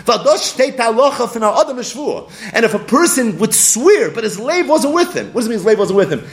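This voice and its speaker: A man teaching a Talmud lecture, animated, acting out little scenes and laughing often. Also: very high-pitched, a little fast. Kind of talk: yeshiva-style Talmud lecture.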